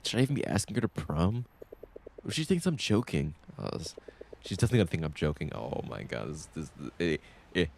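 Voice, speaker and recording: Lively low-voiced male game streamer. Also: gravelly, slight background noise. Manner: lively, reads game lines in his own voice with quick asides. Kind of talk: casual let's-play, reading dialogue aloud.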